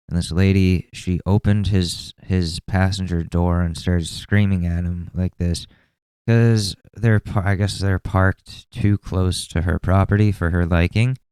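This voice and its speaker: A man's voice: low voice, darkish tone, clear, resonant tone, dry recording, clean studio sound. A man hosting a podcast in a casual, rambling way, swearing often and mocking what he sees. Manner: profane, rambling, sarcastic. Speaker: podcast host.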